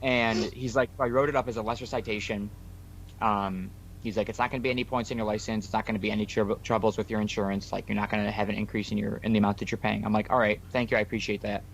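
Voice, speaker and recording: Animated young man telling a road story. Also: fairly low pitch, fast, gravelly, slight background noise. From New York. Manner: animated retelling with quoted dialogue. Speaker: podcast co-host. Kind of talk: casual chat, storytelling.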